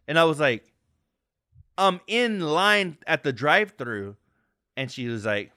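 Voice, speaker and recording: A man's voice: a little high, normal speed, smooth, no echo, clean studio sound. A man co-hosting a podcast, telling stories in casual chat, swearing a lot and acting out the people he quotes. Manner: profane, animated storyteller acting out quotes. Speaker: podcast co-host.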